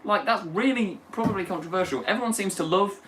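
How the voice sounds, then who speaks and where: A young man hosting a casual chat stream, talking fast and excitedly and bursting into loud shouted lines. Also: high voice, a little hiss or hum. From England. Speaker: livestream host.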